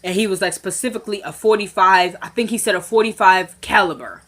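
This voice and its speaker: A woman's voice: medium pitch, a little fast, fairly bright tone. Chatty woman recapping a TV episode. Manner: retells scenes by acting out characters' lines; chatty, addresses viewers directly. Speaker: recap vlogger. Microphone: camera mic.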